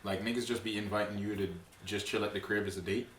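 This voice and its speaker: Bright-voiced man, loud casual banter. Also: fairly low pitch, flat delivery, quick pace. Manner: loud, laughing, swearing banter. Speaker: podcast co-host. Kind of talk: casual chat. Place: living room at a friend's house. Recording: roomy and distant with faint hiss.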